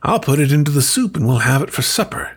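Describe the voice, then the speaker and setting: A man voicing a homely mother who is pleased about supper, speaking in a cheerful, sing-song, unhurried way. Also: fairly high pitch, very animated, slightly rough, voice pushed up.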